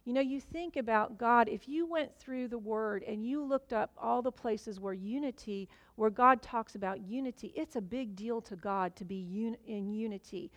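A woman's voice: on the high side, normal speed, hardly any pauses, no room sound. A middle-aged woman preaching a sermon in a loose, conversational way, with many fillers and restarts.

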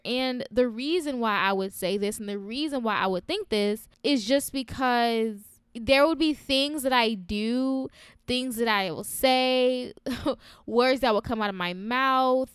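A young woman hosting a faith-based podcast, speaking in a candid, chatty manner full of fillers and small laughs. Her voice sits a little high and sounds very smooth and clear. The recording is close and completely dry. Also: moderate pace, fairly bright tone, no room sound. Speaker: podcast host.

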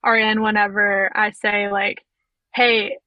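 As a podcast guest, a young adult physiotherapist and through hiker tells a chatty hiking story laden with "like" and "you know." She speaks at normal speed in a fairly high, level voice. There's no room sound, and the audio is lo-fi.

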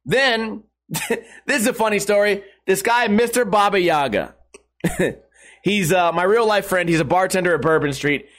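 A man with a notably high-pitched voice talks straight to his live chat. He rambles loosely through a story, swearing freely and breaking into laughter as he goes. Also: measured pace, a bit bright. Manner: profane, rambling, bursts of laughter. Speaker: live streamer.

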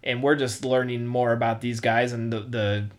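A man's voice: medium pitch, level tone, moderate pace. Man, podcast host, casual movie chat, rambling, lots of restarts. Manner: rambling, full of "you know" and restarts.

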